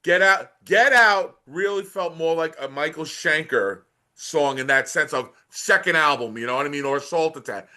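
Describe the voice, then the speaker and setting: A man's voice: on the high side, normal speed, pushed and bright. A man hosting a rock interview, speaking as an enthusiastic fan who swears casually. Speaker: podcast host.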